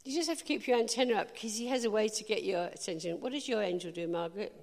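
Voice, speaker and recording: A woman preacher giving a sermon, telling lively stories and speaking directly to the congregation. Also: mid-range voice, vocal fry, big-room sound. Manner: lively storytelling, quick asides to the audience. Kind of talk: sermon with anecdotes.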